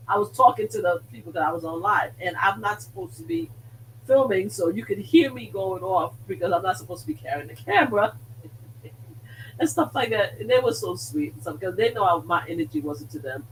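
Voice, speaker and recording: A woman hosts a live stream in casual storytelling mode, animated and emphatic, hammering her points home by repeating words. She sits a little back from the mic, and a faint hum runs underneath her voice. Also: fairly high pitch, moderate pace, far from the mic, rough recording. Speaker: host of a slot-gambling live stream.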